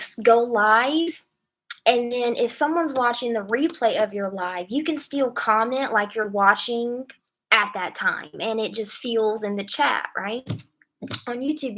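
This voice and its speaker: A woman's voice: a little high, a bit bright, poor audio. A woman reading tarot on a live stream from a hotel room, chatting casually and playfully with viewers in slangy talk and laughing often.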